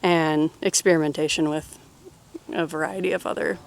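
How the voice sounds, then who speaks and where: A woman in her thirties answering personal questions in a relaxed, rambling way, full of fillers and laughs. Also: sits low, moderate pace. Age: 30s. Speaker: interviewee. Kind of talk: casual personal Q&A.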